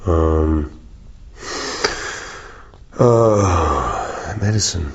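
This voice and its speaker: Husky low-voiced man, rambling and playful. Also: extremely slow, pauses often, muffled recording. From South Africa. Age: 40s. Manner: rambling, playful, jokey, swears freely. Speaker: interviewee. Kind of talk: casual interview chat.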